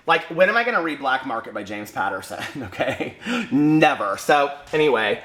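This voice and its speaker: A man hosting a casual book vlog at home, chatty and animated, laughing often and drawing out words for dramatic emphasis as he walks between rooms. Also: on the high side, moderate pace. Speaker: book vlogger host. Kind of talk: casual rambling vlog chat.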